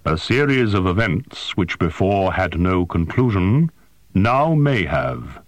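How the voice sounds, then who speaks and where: A man narrating a science-fiction story in a measured, expressive way. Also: low voice, no room sound. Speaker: audiobook narrator. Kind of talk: scripted narration.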